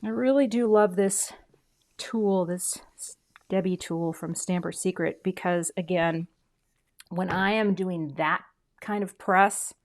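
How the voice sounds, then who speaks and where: A middle-aged woman talks through a crafting demo in a casual, chatty way, poking fun at herself. She often trails off into quiet murmurs while she works. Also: fairly low pitch. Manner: chatty, self-deprecating, drops to soft murmurs while working. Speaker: craft video host.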